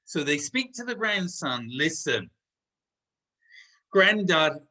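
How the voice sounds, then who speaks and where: A man hosting a meeting, telling a motivational story in a relaxed, conversational way. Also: on the high side, slow pace, low-quality recording. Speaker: meeting host.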